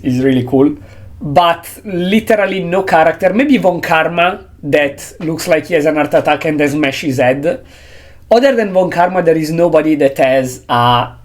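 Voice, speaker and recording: A male streamer chatting casually over a game, rambling with restarts and self-deprecating asides. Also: on the high side.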